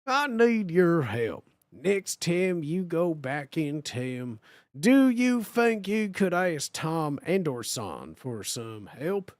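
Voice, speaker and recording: A hoarse streamer putting on a slow, low Southern drawl to voice a country woman asking a favor during a fan fiction reading. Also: sing-song, no room sound, studio quality. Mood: pleading. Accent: American Southern, put on.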